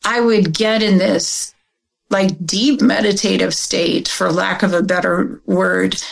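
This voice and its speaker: A middle-aged woman from Oregon, a guest telling a personal story in an interview, animated and acting out the dialogue she quotes. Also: mid-range voice, slow, gravelly, rough recording.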